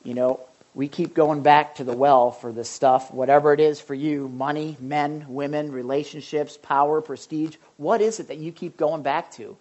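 A man's voice: on the high side, fairly even intonation, normal speed, a little mellow. A man preaching a sermon as pastor, impassioned and emphatic, driving points home with repetition.

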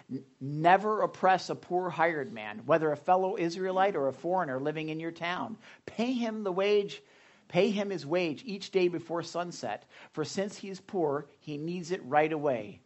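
A man preaching a casual, animated sermon, full of asides and jokes to the congregation. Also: high voice, dull audio. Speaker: pastor. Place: hot church room.

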